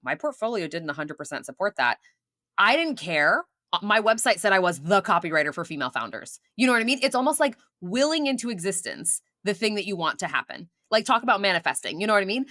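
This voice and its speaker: A woman's voice: medium pitch, sing-song, fast talker, bright, forceful tone, no echo, clean studio sound. A young adult woman, a marketing mentor guest on a podcast, telling stories with enthusiasm and repeating phrases for emphasis. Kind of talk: casual interview chat.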